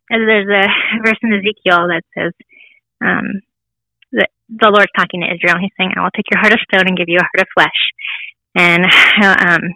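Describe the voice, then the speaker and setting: A woman's voice: medium pitch, pushed and bright, no room sound, rough recording. A woman in her thirties, a guest sharing a candid personal story, laughing often and acting out voices in her quotes. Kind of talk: personal testimony interview.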